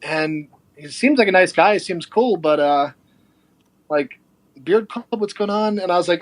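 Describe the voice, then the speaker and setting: A man's voice: sits high, moderate pace, no room sound. A young adult man, a podcast guest, telling a casual story and acting out the people in it. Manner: animated, acts out quoted people.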